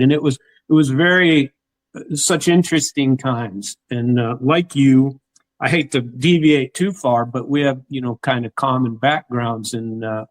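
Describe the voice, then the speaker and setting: A man's voice: mid-range voice, no echo, low-quality recording. A man from the United States hosting an interview, chatting casually with many restarts. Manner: rambling, hesitant, many restarts. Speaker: host.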